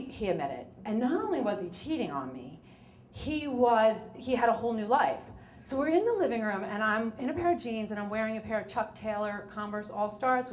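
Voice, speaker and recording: A woman's voice: on the high side, reverberant, slight background noise. Wry woman telling a story live. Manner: chatty, wry, quotes herself a lot. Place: bar or small venue at a live event.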